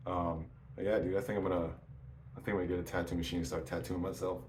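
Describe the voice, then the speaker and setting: A man's voice: deep voice, level tone, fast talker, a little mellow. A man in his forties telling stories in a casual interview, swearing often and restarting his sentences. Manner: profane, rambling, restarts often. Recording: echoey room with faint noise.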